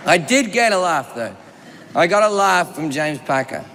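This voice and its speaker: A man's voice: fairly high pitch, very animated, normal speed, background noise. An Australian man doing live stand-up comedy, telling a rambling, profane story and acting out the people in it. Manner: profane, rambling anecdote with acted-out quotes. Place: comedy stage before a live audience. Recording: reverberant live venue with loud ambience.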